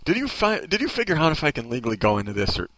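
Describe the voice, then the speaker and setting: A man's voice: fairly high pitch, huge pitch swings, very fast, fairly bright tone, dry recording. A man hosting a talk show, ranting in a sarcastic, mocking way and needling people off mic. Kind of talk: comedic opinion rant.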